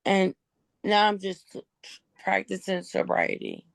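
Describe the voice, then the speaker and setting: A woman calling into a sobriety call with a hoarse, strained voice, speaking frankly and earnestly. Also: medium pitch, huge pitch swings, slow. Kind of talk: candid personal sharing.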